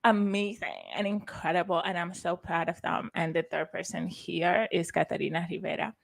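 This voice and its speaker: A woman's voice: fairly low pitch, level tone, normal speed, gravelly. A woman organizing a conference and speaking with effusive emotion and frequent restarts. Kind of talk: heartfelt conference talk.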